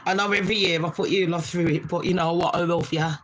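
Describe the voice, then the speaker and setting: A British woman in her forties hosting a casual live stream from her bedroom, talking fast and swearing freely as she chats to her viewers and calls them babes. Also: on the low side, fairly even intonation, rough recording. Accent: British English.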